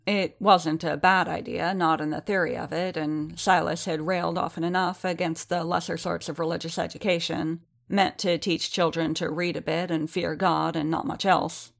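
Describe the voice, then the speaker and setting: A woman narrating a novel, with a low, grounded voice. Her reading is measured and steady, a calm scripted storytelling pace. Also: creaky. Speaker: audiobook narrator.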